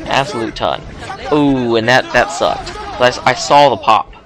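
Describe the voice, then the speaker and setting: A man's voice: medium pitch, unhurried, a crowd in the background. A sleepy man, yawning late at night, giving casual play-by-play commentary on a game, chatty and full of joking asides.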